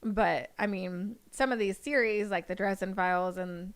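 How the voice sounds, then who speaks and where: A woman with a smooth, clear voice chats easily as a podcast guest. Her talk is loose and friendly, and laughter comes quickly. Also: mid-range voice. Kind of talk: casual chat.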